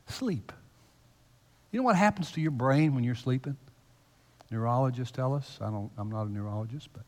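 A male pastor giving a conversational, teasing sermon in a church, his voice swinging between loud emphasis and hushed asides. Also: medium pitch. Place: church sanctuary. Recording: long reverb of a large hall.

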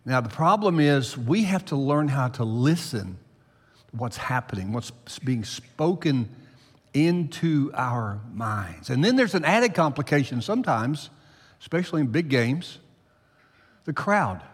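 Animated preaching man in a reverberant hall. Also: measured pace, slightly rough. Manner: animated preaching, rising loud for emphasis then dropping low. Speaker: pastor. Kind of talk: sermon.

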